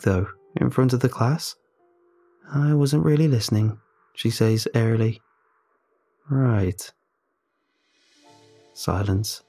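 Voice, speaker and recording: A man calmly narrating a first-person horror story in a measured, storytelling way. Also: fairly low pitch, vocal fry.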